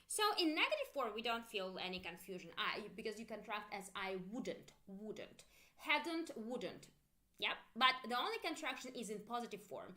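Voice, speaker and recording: A woman with a Russian accent teaching a live-streamed English lesson, saying drill phrases slowly for learners to repeat, then explaining at length with restarts. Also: fairly high pitch, very animated, sharp tone.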